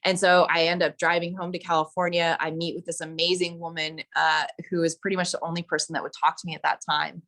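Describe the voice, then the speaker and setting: A woman's voice: on the low side, flat delivery, fast, hardly any pauses, a bit bright. Candid woman telling her recovery story. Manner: candid, confessional, fillers and restarts, quoted voices. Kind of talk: personal storytelling.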